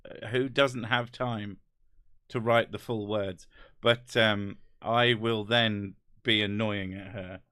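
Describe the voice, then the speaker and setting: Dry, low-voiced English man, swearing and wry. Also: steady tone, takes it slowly, bright, forceful tone, clean tone, no echo. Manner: swears casually, rambling and wry. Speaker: host. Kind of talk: casual chat reading comments.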